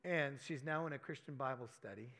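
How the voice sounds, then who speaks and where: A man's voice: mid-range voice, brisk, sharp tone. A man preaching by telling a personal story, chatty and anecdotal, with self-deprecating asides. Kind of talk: sermon storytelling.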